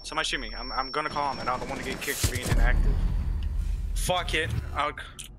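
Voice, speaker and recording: A young man streaming a game in casual chat, excitable, laughing often and swearing. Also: medium pitch, fast. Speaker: gaming streamer. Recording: very loud background noise.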